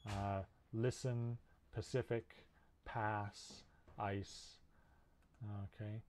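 A man's voice: on the low side, level tone, drawn-out words, a little mellow. A man teaching in a recorded video lecture, explaining patiently with frequent "uh" fillers. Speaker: linguistics instructor.

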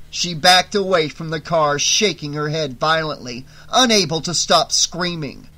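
A man's voice: on the high side, unhurried, few pauses, sharp tone. A man reading a horror novel aloud as an audiobook, in dramatic, tense scripted narration.

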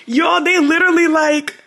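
A woman's voice: extremely high pitch, fairly bright tone. A young woman vlogging casually, often laughing and exclaiming in disbelief. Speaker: lifestyle vlogger. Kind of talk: casual vlog chat.

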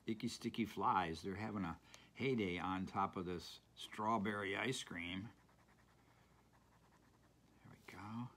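A man's voice: deep voice, measured pace, a bit bright. A man giving a casual, playful drawing tutorial, chatting to viewers as he colors with markers and pencils. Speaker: art teacher.

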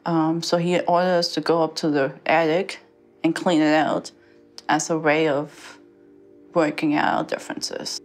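A young woman telling her own story in a halting way, full of fillers and restarts. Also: low voice, little pitch movement, soft background music. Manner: halting, many fillers and restarts, quotes others. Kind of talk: personal testimony.

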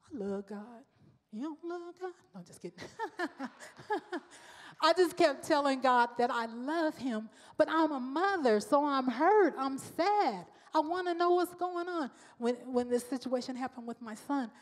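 Slow, high-voiced woman preaching in a reverberant hall. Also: animated. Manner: personal, conversational preaching with slow emphatic repetition. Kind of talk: sermon. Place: church sanctuary.

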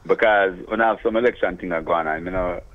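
A man's voice: sits low, brisk. A Jamaican man calling in to a radio show, laid-back and prone to stammering restarts. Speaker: radio caller. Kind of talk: casual phone call to radio. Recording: muffled phone line.

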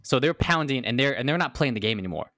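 A man's voice: medium pitch, lively intonation, fast talker, pushed and bright, no room sound, studio quality. A man hosting a podcast, explaining a study in casual chat and repeating words as he thinks. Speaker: podcast host.

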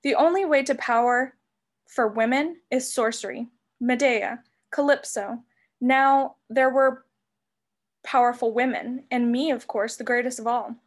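A vain, sweetly menacing sorceress put on by a woman reading a storybook aloud. She coos and purrs in a honeyed, theatrical way, her voice sitting fairly high. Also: steady tone, unhurried. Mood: grand, scheming.

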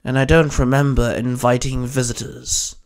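A man voicing a gruff, reclusive male warlock who grunts his words low and quietly. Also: little pitch movement, normal speed, natural voice.

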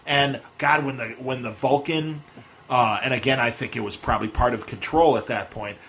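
A man's voice: medium pitch, fairly even intonation, normal speed, a bit bright, slight background noise. A man hosting a casual chat, talkative and opinionated, often trailing off mid-sentence. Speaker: host.

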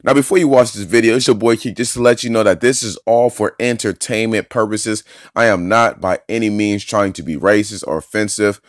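A man giving casual gameplay commentary as a YouTuber, talking loose and slangy to his viewers and getting excitable over the action. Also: on the low side, a little fast, few pauses. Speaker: gaming YouTuber.

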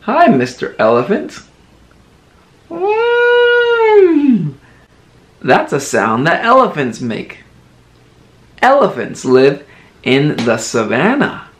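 Slow sing-song man teaching toddlers. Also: mid-range voice, huge pitch swings, fairly bright tone. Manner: slow, exaggerated, sing-song word modelling. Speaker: children's teacher.

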